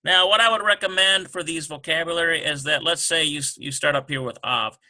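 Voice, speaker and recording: A man teaching a relaxed language lesson, working through words slowly and thinking aloud with many fillers. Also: on the high side. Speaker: Hebrew teacher.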